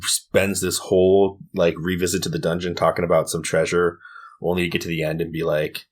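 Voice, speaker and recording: A man's voice: low voice, level tone, brisk. A man co-hosting a casual gaming podcast, laid-back and chuckling often. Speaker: podcast co-host.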